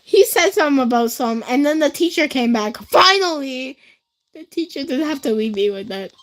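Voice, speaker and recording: A woman's voice: high voice, lively intonation, brisk, low-quality recording. A teenage girl livestreaming, telling school stories to her chat in a rambling, casual way, full of fillers. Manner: chatty, rambling, many fillers, speaks straight to chat. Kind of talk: casual storytelling to a live chat.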